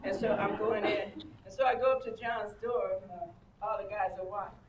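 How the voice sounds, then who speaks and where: A woman's voice: medium pitch, fairly even intonation, a little fast. An older woman at a convention panel, telling bawdy anecdotes with big laughs and acted-out voices. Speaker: panel guest. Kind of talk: animated storytelling with acted-out voices. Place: convention panel room with audience. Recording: roomy convention hall, distant, crowd noise.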